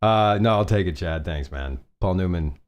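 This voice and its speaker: A man's voice: deep voice, normal speed, smooth. A man hosting a casual fashion live stream, chatty and rambling, often restarting and laughing at himself.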